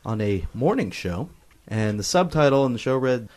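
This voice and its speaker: A man's voice: mid-range voice, big pitch swings, moderate pace, darkish tone. A man hosting a podcast who runs the news segment, dry and teasing. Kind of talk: casual banter.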